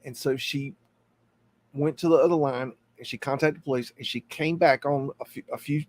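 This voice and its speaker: A middle-aged man hosting a live stream, telling a personal story in a halting, earnest way. He restarts and repeats words as he goes, and points things out on a map. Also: mid-range voice, steady tone, a little mellow. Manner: tells the story while pointing at a map on screen. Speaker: host.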